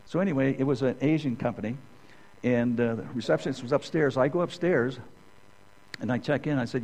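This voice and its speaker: A man's voice: mid-range voice, a little fast, darkish tone, slight background noise, rough recording. A middle-aged man teaching a conversational sermon, rambling through personal stories and often checking in with "okay?". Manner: rambling, keeps asking "okay?". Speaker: Bible teacher.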